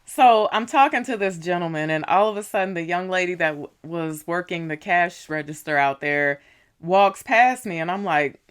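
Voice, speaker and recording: A woman's voice: moderate pace, smooth. A woman telling a story casually in a vlog, chatty, with lots of "you know" and "right?". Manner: acts out dialogue with raised pitch when riled up. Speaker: vlogger.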